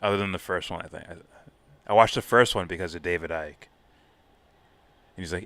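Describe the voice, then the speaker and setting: A man's voice: deep voice, fairly even intonation, brisk, pauses often, a bit bright, dry recording. A man co-hosting a casual live reaction stream, rambling about films with lots of swearing and laughter. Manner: profane, rambling, laughs a lot. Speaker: co-host.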